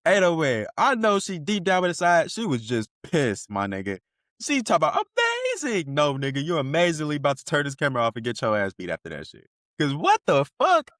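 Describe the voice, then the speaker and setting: Male podcast host, animated swings in pitch, loose profane banter, dry close sound. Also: a little fast, no room sound. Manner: profane slang-heavy banter, laughs often. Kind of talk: casual commentary.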